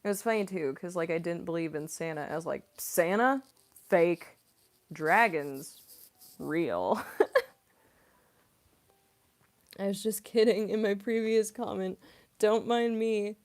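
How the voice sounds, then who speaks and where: A woman's voice: medium pitch, steady tone, normal speed, pauses often, dark tone. A young woman voice actress chatting casually on a livestream Q&A, rambling and using lots of fillers. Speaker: voice actress and streamer.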